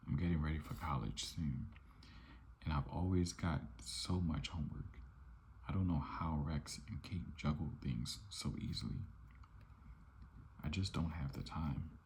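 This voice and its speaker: A man's voice: rumbling low, a little slow, darkish tone, slight background noise. A man voicing an earnest, shy teenage male superhero in a whispered role-play.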